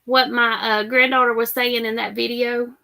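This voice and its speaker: A woman's voice: fairly high pitch, level tone, normal speed, gravelly, sharp tone. A middle-aged woman, chatting casually as a livestream host and reading out comments. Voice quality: chatty, rambling.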